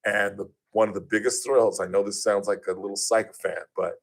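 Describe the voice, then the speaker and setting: A man's voice: a little fast, vocal fry. A man hosting a radio talk show, telling stories casually and animatedly, acting out the voices of people he quotes. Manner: animated, acts out quoted voices with big pitch jumps.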